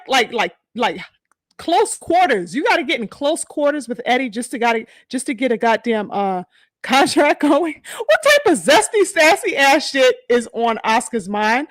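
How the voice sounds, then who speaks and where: Female host, high lively voice, slangy casual boxing talk, dry close sound. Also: normal speed, dry recording. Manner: animated, slangy, mimics fighters' quotes, laughs often. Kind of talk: casual chat.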